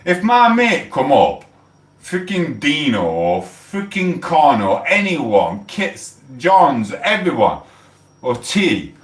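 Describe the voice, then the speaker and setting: A man's voice: fairly high pitch, wildly swooping pitch, slow, echoey room, distant mic. A middle-aged man from England with a South Yorkshire accent, chatting on a livestream in a blunt, swearing, mock-outraged way. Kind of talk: casual livestream chat.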